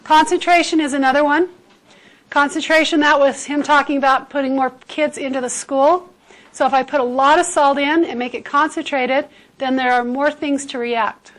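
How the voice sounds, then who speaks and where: A woman's voice: high voice, fairly even intonation, normal speed, a bit bright, rough recording. A woman teacher giving a chemistry lecture to a class, explaining with everyday comparisons and checking in with "okay?". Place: high school classroom.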